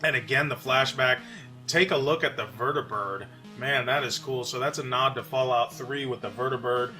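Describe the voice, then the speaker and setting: A man from New York hosting a casual gaming commentary, relaxed and chatty with frequent fillers. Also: mid-range voice, moderate pace, faint music behind. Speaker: channel host.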